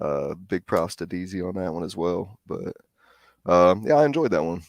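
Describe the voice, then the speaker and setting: A man's voice: sits low, very animated, normal speed, creaky, no echo. A man co-hosting a show and giving a casual review of songs in a laid-back way, with many filler words.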